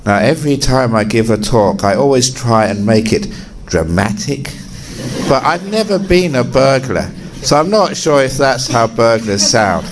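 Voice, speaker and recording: A man, a Buddhist monk, telling a story in a dharma talk with lively rises for emphasis. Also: unhurried, noisy background. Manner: animated storyteller, jumping to high pitch for emphasis.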